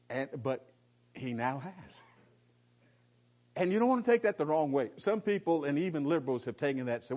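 A man's voice: medium pitch, lively intonation, moderate pace, pauses often, a little mellow. A middle-aged man teaching the Bible in a conversational way. He is emphatic, repeats key phrases, asks rhetorical questions and often restarts his sentences with folksy asides. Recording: dull lo-fi recording.

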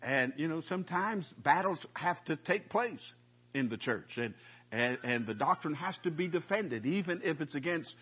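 A man with a husky, breathy voice teaches scripture in a loose, chatty way and often stops to ask his listeners questions. The recording is dull and muffled, like a lo-fi church tape. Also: fairly high pitch, lively intonation, moderate pace, fairly bright tone. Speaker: preacher. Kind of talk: conversational Bible teaching.

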